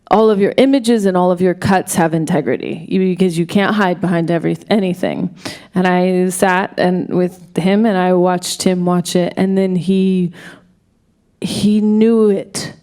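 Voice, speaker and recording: Halting, excitable woman director on stage. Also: fairly low pitch. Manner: halting, full of restarts and self-corrections; excited, tumbling storytelling. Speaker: film director, guest at a Q&A. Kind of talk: live panel Q&A conversation. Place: stage at a film festival event.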